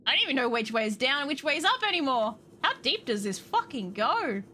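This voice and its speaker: Girl gaming on stream, high bouncy voice, cusses a lot, all mock-annoyed. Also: big pitch swings, brisk, pushed and bright, slight background noise. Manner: swears often, playful exasperation. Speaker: game streamer. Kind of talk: casual gameplay commentary.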